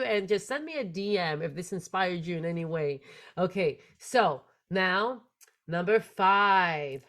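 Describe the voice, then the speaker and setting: A woman hosting a spiritual podcast, telling a personal story in an earnest, animated way. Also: lowish voice, unhurried. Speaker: podcast host.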